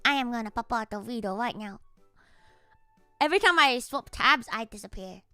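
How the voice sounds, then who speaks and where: A woman's voice: a little high, animated, normal speed, sharp tone, clear, resonant tone, no echo, soft background music. A young woman who is a virtual idol, chatting casually with viewers on a livestream in a playful, teasing, mock-grumpy way and dropping in Japanese phrases.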